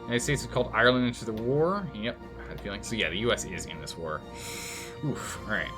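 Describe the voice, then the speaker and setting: A man's voice: lowish voice, fast, over music. A man streaming a strategy game and commenting live, thinking aloud and scolding the game's nations in mock outrage.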